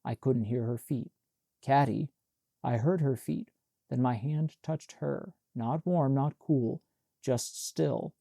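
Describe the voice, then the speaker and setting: A man reading a literary novel aloud as an audiobook narrator, in a measured, somber way. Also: mid-range voice, creaky, warm tone, dry recording, studio quality.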